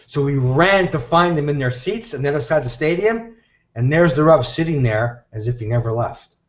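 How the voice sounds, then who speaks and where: A man telling a story in an animated way and acting out the voices of the people he quotes, heard over a live video call. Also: on the high side, brisk. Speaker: guest teacher. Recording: echoey, dull video-call audio.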